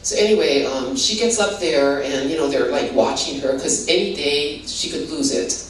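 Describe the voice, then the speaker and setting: A woman's voice: sits low, moderate pace. Older woman, roomy distant sound. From Hawaii. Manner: rambling, full of "you know" and restarts. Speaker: guest giving a testimony. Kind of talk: casual spoken testimony. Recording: roomy, distant mic with faint background noise.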